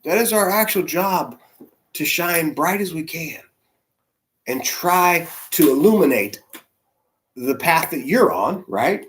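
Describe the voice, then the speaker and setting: A man, a church's senior spiritual leader, preaching in a conversational, animated storytelling way with soft asides. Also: a little high, takes it slowly, long pauses. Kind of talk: storytelling sermon.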